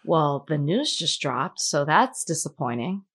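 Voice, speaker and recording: A woman talks casually on a podcast about her work as an entertainment host. Her voice sits a bit low. She scatters "like" through her sentences and acts out what people said. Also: big pitch swings, unhurried, fairly bright tone, slightly rough. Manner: chatty, many "like" fillers, acts out quoted dialogue. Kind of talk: casual chat.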